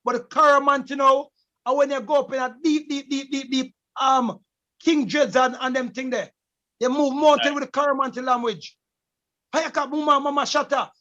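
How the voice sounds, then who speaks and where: A man's voice: extremely high pitch, fairly even intonation, fairly quick, sharp tone. A Jamaican man in casual chat, speaking emphatically and repeating himself as he holds forth. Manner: emphatic, repeats words and preaches about language. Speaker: guest, reggae artist. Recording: dull lo-fi audio.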